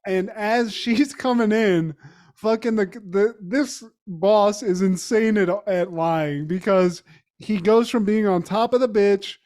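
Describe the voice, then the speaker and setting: Male podcast co-host, casual chat, animated and laughing, profane storyteller. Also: high voice, slow. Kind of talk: casual chat recapping a TV episode.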